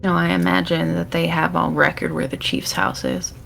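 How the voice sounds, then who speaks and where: A woman's voice: on the low side, wildly swooping pitch, moderate pace, creaky, fairly bright tone, faint music behind. A woman playing a tabletop role-playing game, chatty and hesitant, over an online call. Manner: chatty, hesitant, lots of fillers. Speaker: player. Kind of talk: casual tabletop role-play.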